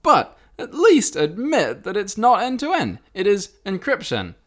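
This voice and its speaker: Animated man explaining tech casually. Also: high-pitched, unhurried. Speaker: podcast co-host. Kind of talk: casual chat.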